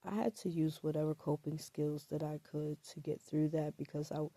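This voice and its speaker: A woman telling her own story to camera in a halting, hesitant way, repeating words and filling pauses, with a throat scratchy from allergies. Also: low-pitched, steady tone, mellow, no echo.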